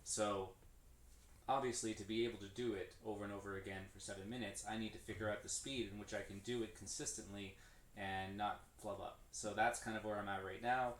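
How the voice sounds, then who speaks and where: In a lowish voice, steady and a little fast, a man rambles through drum stickings while practicing live on a stream, counting hands aloud and correcting himself as he goes. The sound comes from a room with a drum kit, echoey and distantly miked, with noticeable background noise.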